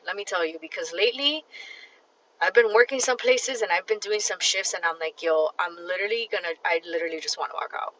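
A woman's voice: medium pitch, sharp tone, muffled recording. A woman hosting her own podcast, talking in a blunt, profane, emphatic way straight to her listeners, tired and worn down. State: tired and fatigued. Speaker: podcast host. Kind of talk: casual solo podcast rant.

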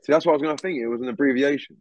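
A man's voice: medium pitch, racing, dry recording. A man, a guest musician, chatting casually and loosely, with plenty of slang and swearing. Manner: lively, swears freely, lots of slang. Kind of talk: casual interview chat. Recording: dull, dry recording.

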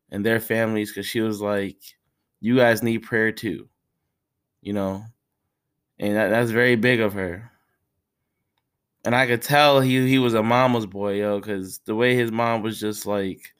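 A man's voice: medium pitch, fairly bright tone, clean tone. Tearful man hosting a podcast. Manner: halting and emotional, with sighs, restarts and street slang. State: tearful, has been crying. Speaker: podcast host. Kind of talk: casual solo podcast talk. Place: his own room.

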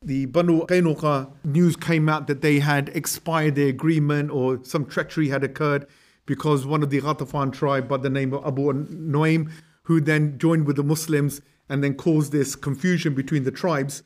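A man's voice: a little high, moderate pace. A man giving a storytelling religious history lecture, conversational and acting out quotes. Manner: lively, conversational, acts out quotes.

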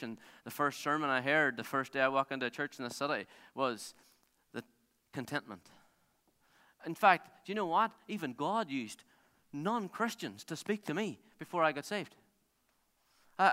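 Pastor with a bright, resonant voice. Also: male voice, on the high side, brisk, smooth. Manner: animated storytelling, self-interrupting with restarts and laughs. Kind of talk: sermon. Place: large theatre used as a church. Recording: long hall reverb.

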